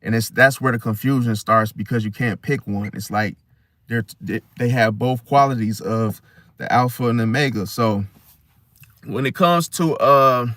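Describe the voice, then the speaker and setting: A man speaks in a loose, conversational monologue at an ordinary middle pitch. He repeats himself and drops to a soft "see?" at the end of his points. The sound is dry and close, with no room echo. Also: normal speed. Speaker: astrology video host. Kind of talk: casual monologue.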